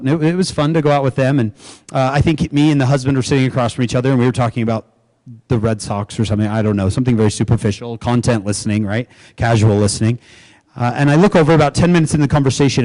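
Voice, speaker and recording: A middle-aged man giving a keynote talk to educators, telling stories, acting out quoted voices and asking the audience questions. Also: mid-range voice. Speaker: keynote speaker. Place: conference venue before an audience.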